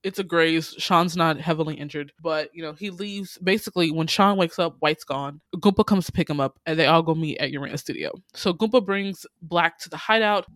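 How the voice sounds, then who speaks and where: A man casually recapping a TV series on a podcast, telling the story in lively bursts, acting out the characters' lines and swearing freely, with lots of "you know". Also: fairly high pitch, fairly quick, few pauses, no echo, clean studio sound. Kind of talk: casual chat.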